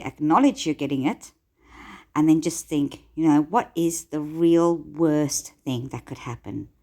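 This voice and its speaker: A woman giving conversational self-help advice, gently encouraging, with frequent filler words. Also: sits low.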